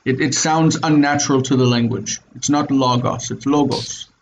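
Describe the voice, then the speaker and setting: A man's voice: on the high side, brisk, a little hiss or hum, poor audio. A man teaching Biblical Hebrew in an online class, explaining step by step and checking in with his students. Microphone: video call.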